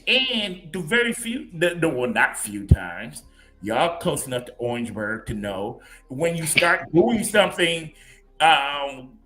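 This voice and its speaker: A man hosting a casual podcast chat, telling a story with laughs and restarts, with faint music behind. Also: fairly high pitch. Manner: animated storyteller, laughs often, many restarts. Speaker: podcast host.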